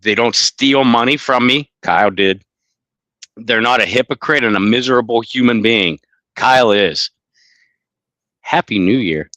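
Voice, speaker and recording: A man's voice: mid-range voice, unhurried, long pauses, pushed and bright, no room sound. A man co-hosting a sports podcast in casual chat, rambling with many restarts and blunt swearing. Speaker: podcast co-host.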